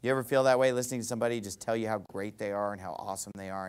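A man preaching a verse-by-verse sermon, reading scripture in a rising, emphatic cadence and swinging between loud emphasis and quiet asides. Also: fairly low pitch, level tone, racing, smooth. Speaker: pastor.

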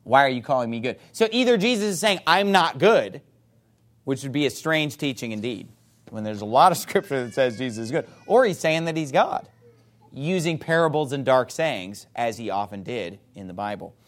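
A man preaching a sermon, reading scripture emphatically and playfully mimicking his opponents in excited voices. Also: mid-range voice, fairly quick. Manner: reads scripture aloud in a rising, emphatic voice.

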